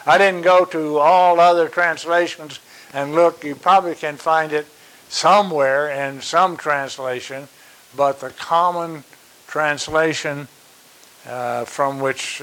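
A man preaching a sermon. He speaks slowly and deliberately, stresses his key points by repeating them, and pauses on fillers. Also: fairly high pitch, fairly bright tone, rough recording.

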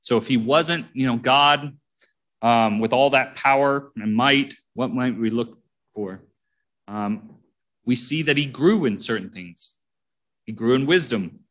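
A man's voice: medium pitch, a little slow, a bit bright. A man preaching a sermon, reading verses aloud and commenting on them between readings in a plain, conversational way.

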